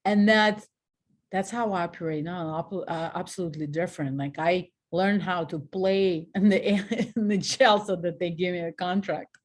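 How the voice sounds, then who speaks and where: A woman in her forties from Russia with a Russian accent, telling frank personal stories as a guest, animated and laughing at herself. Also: lowish voice, moderate pace. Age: 40s. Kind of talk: candid personal storytelling.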